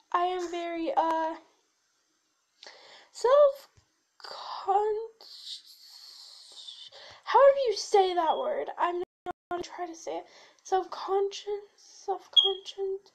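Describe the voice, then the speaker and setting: In a low-quality recording, a teenage girl with a very high-pitched voice chats casually to camera as her channel's host. She rambles and drifts off topic, restarting often, filling pauses, and shifting her voice as she goes.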